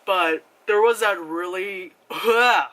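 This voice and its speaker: Casual reviewer, bright tense voice, rambling and profane, keeps jumping into goofy impressions. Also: medium pitch, takes it slowly. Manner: rambling, filler-heavy, profane, with sudden exaggerated voice impressions. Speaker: movie reviewer. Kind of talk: casual spoken film review.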